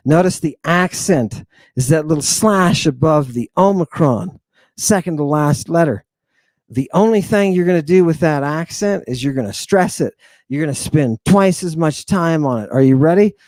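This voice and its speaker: A man teaching an online language lesson in a playful, theatrical way, repeating each pronunciation slowly for the listener. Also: a little high, a little mellow, dry recording.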